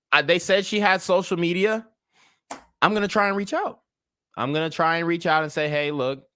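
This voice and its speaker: A man's voice: fairly high pitch, pushed and bright, clear, resonant tone, no room sound, studio quality. A young man hosting a livestream commentary show, talking in a heated, blunt, profane way. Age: young adult. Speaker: commentary channel host.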